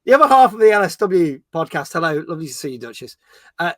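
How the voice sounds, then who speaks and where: High, bright-voiced host. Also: male voice, big pitch swings, quick pace, no room sound, clean studio sound. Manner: joking, reads viewer comments aloud. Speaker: podcast host reading chat. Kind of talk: casual live-stream chat.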